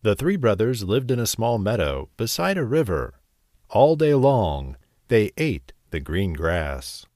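Give me a male bedtime storyteller, low and lively, in a dry close recording. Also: unhurried, no echo.

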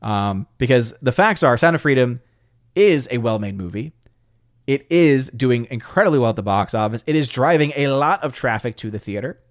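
A man in the middle pitch range hosting a casual live stream, reading viewer comments out loud and laughing between his takes. His voice sounds close and dry, with no room sound. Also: lively intonation, normal speed, no room sound. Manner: chatty, reads viewer comments aloud, laughs often. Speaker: livestream host.

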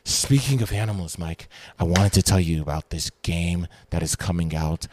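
A young man co-hosting a podcast, telling animated, slangy stories in casual chat and swearing freely. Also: deep voice, normal speed, a little hiss or hum. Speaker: podcast co-host.

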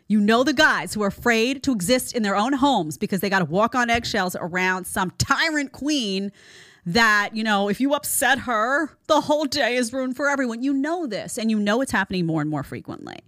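A podcast host with a somewhat high, expressive, slightly bright voice speaks at a moderate pace. She delivers opinionated, sarcastic commentary and mocks people through impressions, captured dry with no echo on a studio microphone.

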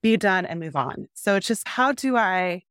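Young mother on a call, mid-pitched, candid and rambling, dry sound. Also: lively intonation, normal speed, fairly bright tone, smooth, no room sound. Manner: candid, rambling, acts out her kids' lines. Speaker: caller, mother of two young kids. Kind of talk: casual coaching conversation.

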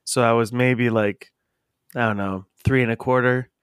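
A man hosts a casual podcast chat in a playful, easygoing way. His voice is smooth and resonant, and the sound is dry and close with little room echo. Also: mid-range voice, fairly even intonation, moderate pace. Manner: chatty, laughs easily, playful. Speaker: podcast host.

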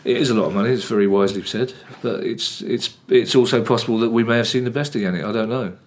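A man's voice: mid-range voice, fast. A man co-hosting a football podcast, talking casually with opinionated, teasing remarks and frequent restarts. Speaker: podcast co-host.

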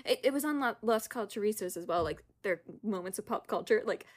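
A woman's voice: mid-range voice, lively intonation, fast talker. A young woman co-hosting a podcast, chatting casually, rambling and laughing often. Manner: giggly, rambling, prone to bursts of laughter. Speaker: podcast co-host. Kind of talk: casual chat.

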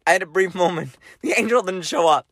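A man's voice: high-pitched, brisk, crowd noise. A young man co-hosting a podcast, telling a self-mocking story in casual chat and acting out his own lines. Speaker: podcast co-host.

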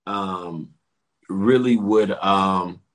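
A man's voice: low-pitched, very slow. A man co-hosting a casual sports talk show, telling stories and acting out what coaches said. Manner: animated storytelling, acts out coaches' quotes.

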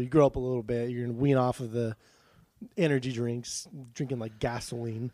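A man's voice: medium pitch, fairly even intonation, fast, dark tone, no echo. A man co-hosting a podcast, talking casually in a playful, joking, rambling way. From Phoenix area. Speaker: podcast co-host. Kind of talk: casual chat.

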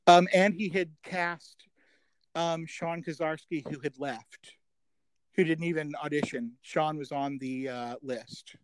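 Smooth-voiced middle-aged man, rambling and chatty. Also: a little high, steady tone, dry recording, low-quality recording. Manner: chatty, rambling, full of 'um' fillers; self-deprecating, quick to joke. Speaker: podcast guest. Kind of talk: casual reminiscing chat.

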